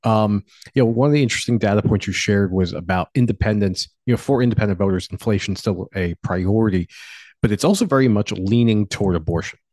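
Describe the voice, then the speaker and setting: A man's voice: fairly low pitch, quick pace, no room sound. A man giving opinionated political commentary as a talk show guest, arguing his points with energy. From Pennsylvania. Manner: opinionated, animated argument.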